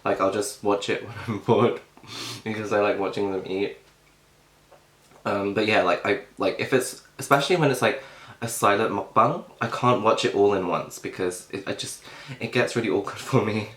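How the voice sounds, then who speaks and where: A man's voice: lowish voice, moderate pace, fairly bright tone. A young man chatting casually on a mukbang video as he eats, rambling with plenty of fillers and talking with his mouth full. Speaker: mukbang vlogger. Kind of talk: casual chat while eating. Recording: echoey room.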